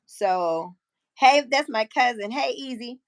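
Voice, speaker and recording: A woman in her fifties hosting a live stream, telling a personal story in a frank, profane, animated way and acting out what people said. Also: a little high, slow, no room sound. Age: 50s. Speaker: livestream host. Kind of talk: casual storytelling chat.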